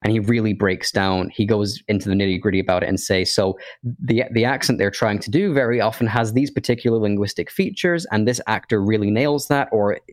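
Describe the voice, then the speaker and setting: A man's voice: lowish voice, a little fast, no room sound, clean studio sound. A man co-hosting a podcast in casual chat, rambling and thinking aloud with many restarts and fillers. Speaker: podcast co-host.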